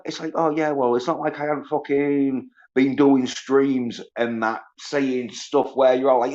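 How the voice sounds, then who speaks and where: A man ranting profanely on a solo livestream, mocking others in high whiny voices. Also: normal speed, hardly any pauses, a little mellow. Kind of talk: angry solo livestream rant. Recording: dull lo-fi stream audio.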